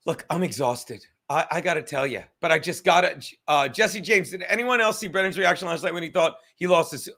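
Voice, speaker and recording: A man's voice: on the high side, fairly quick, gravelly, few pauses, a bit bright. A young man, a comedian and show host, ranting casually and profanely from his apartment, rambling and mocking himself. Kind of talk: casual livestream rant.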